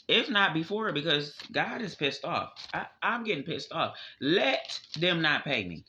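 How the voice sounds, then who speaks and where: Male tarot reader, forceful and emphatic, casual profane delivery on a muffled recording. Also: very animated, measured pace, hardly any pauses, slight background noise. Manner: emphatic, profane, drifting pitch. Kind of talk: casual spiritual reading. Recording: dull lo-fi audio.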